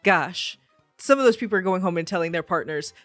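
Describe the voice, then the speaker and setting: A woman's voice: fairly low pitch, fairly quick, no echo, faint music behind. A woman co-hosting a podcast, chatting casually about a TV show, laughing often and quoting scenes. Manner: lively, laughs often, jumps in with quotes. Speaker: podcast co-host. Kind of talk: casual recap chat.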